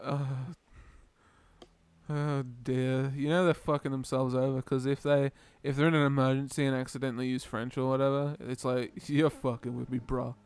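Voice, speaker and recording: A man's voice: mid-range voice, flat delivery, moderate pace, smooth, no room sound. Dry, wry young British-born guy. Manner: dry, wry, laughs often. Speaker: let's-play co-host. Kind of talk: casual chat over gameplay.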